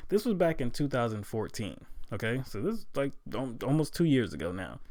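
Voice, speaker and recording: A man talking through political commentary in a loose, conversational way, full of fillers, growing loud and incredulous at times. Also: mid-range voice, sing-song, brisk, dry recording. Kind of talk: casual political commentary vlog.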